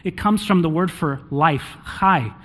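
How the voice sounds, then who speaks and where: A married man preaches in a slightly high voice. He reads scripture aloud and explains it in plain terms. He keeps checking in with an "okay?" and scatters "um" between his points. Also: measured pace, fairly bright tone. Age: adult, married. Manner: checks in with frequent "okay?", with fillers. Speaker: pastor. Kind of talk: sermon with scripture reading.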